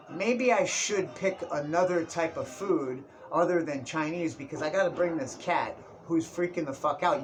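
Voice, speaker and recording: Man, young adult, fairly high voice, casual comic storytelling, profane slang, faint background noise. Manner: profane, slangy, keeps saying dude and bro. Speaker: vlogger. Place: indoors, Tijuana area.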